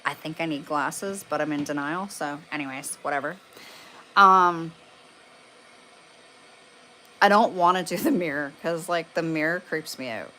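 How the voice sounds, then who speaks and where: A woman's voice: sits low, a little slow, long pauses, bright, forceful tone, slight background noise. A woman from Canada chatting casually on a livestream, rambling and swearing with lots of fillers. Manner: rambling and profane, with many fillers. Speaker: paranormal livestreamer. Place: room at home lit by candles.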